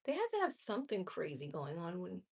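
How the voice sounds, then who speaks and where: A woman's voice: fairly low pitch, wildly swooping pitch, gravelly, a little mellow, breathy edge. A woman chatting casually on a live stream and reacting candidly to viewer comments. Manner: chatty and candid, with quick laughs and exclamations. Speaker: livestreamer.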